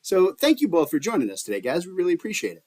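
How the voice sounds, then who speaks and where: A man's voice: sits high, very animated, racing, a little mellow. A man hosting a podcast in a jokey, playful way, laughing often as he chats with guests. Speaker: podcast host. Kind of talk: casual podcast chat.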